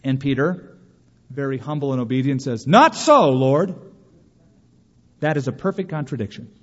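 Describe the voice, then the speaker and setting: A man preaching a sermon as pastor, animated and sometimes mimicking whiny voices for emphasis. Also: mid-range voice, a little fast. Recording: dull sound with long reverb of a hall.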